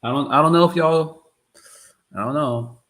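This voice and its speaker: A man's voice: on the high side, normal speed, fairly bright tone. A man hosting a live trading stream, chatting loosely and often repeating himself. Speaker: trading livestream host. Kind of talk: casual live-stream chat.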